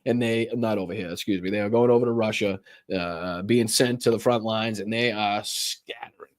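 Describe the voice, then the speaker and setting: A man's voice: fairly low pitch, normal speed, no room sound, clean studio sound. A man with a Boston accent hosting a live political commentary stream, reading news aloud with sarcastic, profane asides. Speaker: political talk show host.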